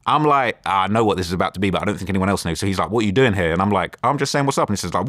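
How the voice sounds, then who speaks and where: A man with a London accent, an interview guest, retelling a tense encounter in a rambling, animated way. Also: low voice, rapid-fire, few pauses, dry recording, clean studio sound. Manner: rambling, animated retelling with quoted back-and-forth. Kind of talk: casual storytelling interview.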